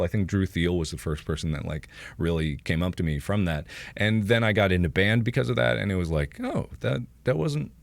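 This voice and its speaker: A man in his twenties, chatting on a livestream and telling rambling stories while reading chat. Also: no echo. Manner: rambling storytelling, reads chat, lively swings in pitch. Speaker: streamer.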